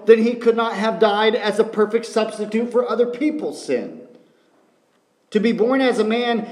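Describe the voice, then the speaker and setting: A high-voiced man delivers a sermon in an earnest, teaching tone. He asks his listeners questions as he works through a passage. The room around him is echoey. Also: darkish tone. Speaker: preacher.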